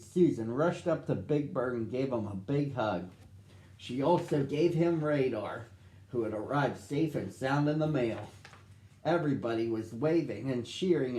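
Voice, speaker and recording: Expressive man reading a storybook. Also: medium pitch, reverberant. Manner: expressive, addressing children. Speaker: storyteller for children.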